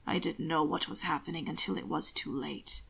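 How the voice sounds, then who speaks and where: A woman voicing a large, brooding man who speaks in a low, harsh whisper, in a storybook reading. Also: fairly even intonation, moderate pace, gravelly, fairly bright tone, breathy edge, full character voice. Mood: pained.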